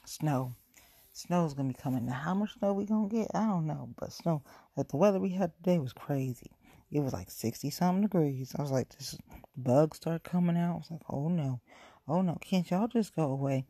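A woman's voice: deep voice, a little fast, dark tone, slightly rough, no room sound. A woman from chatting casually on her own show, rambling, repeating herself and speaking frankly. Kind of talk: casual solo chat.

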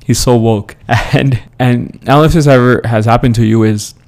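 A man's voice: mid-range voice, steady tone, brisk, creaky, darkish tone. A young man hosting his own show, casually telling funny school stories and laughing often as he goes. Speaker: podcast host. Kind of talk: casual storytelling.

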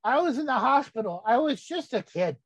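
A woman's voice: high voice, animated, brisk, husky, dry recording, low-quality recording. A woman voicing a cranky, rambling old grandfather who gets sidetracked in a folksy comic monologue. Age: older. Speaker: comedy character host.

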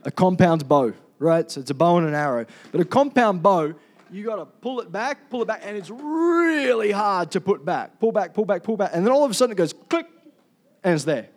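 High-voiced pastor preaching. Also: male voice, expressive, fairly quick. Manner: casual, jokey, calls for amens. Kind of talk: sermon.

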